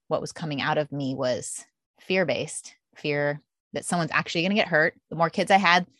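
A middle-aged woman with a slightly low voice tells lively stories in a relaxed interview. She slips into quoting her own past thoughts. The sound is dry and close to the mic. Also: normal speed, no room sound. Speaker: podcast host appearing as guest. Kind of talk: candid conversational interview.

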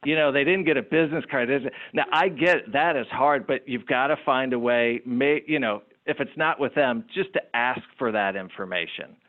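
A middle-aged man talks as an interview guest, spinning stories with animated energy and the odd repeated word. His voice sits at an ordinary pitch. The sound is narrow and tinny, like a phone call. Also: normal speed, few pauses. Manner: animated, repeats words while telling anecdotes. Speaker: guest, small business owner. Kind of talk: interview storytelling.

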